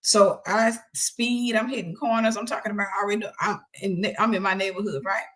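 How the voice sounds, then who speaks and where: A woman host telling a personal story in an animated way, laughing and acting out the voices of the people in it. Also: medium pitch, brisk.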